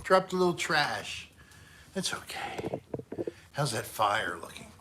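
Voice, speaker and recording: A man's voice: mid-range voice, sing-song, takes it slowly, sharp tone, a little hiss or hum. A man hosting a casual livestream chat, joking and trying bad accents when asked. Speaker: host.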